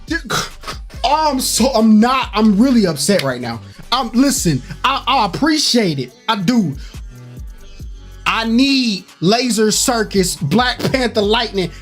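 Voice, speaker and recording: A young man hosting a gaming channel, hyped and animated, swinging between mock anger and delight as he reacts to game news. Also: very high-pitched, slow, soft background music. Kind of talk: excited game news commentary.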